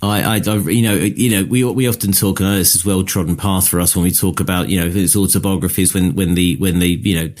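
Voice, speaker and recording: Rambling low-voiced Essex man. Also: fairly even intonation, fast talker, hardly any pauses, a little mellow. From Essex, England. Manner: rambling, thinks aloud with many asides. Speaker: podcast co-host. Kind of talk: casual chat.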